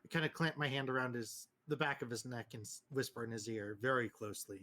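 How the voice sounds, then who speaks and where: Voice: medium pitch, fast, pushed and bright. A player in a tabletop game, blunt and combative, swearing freely.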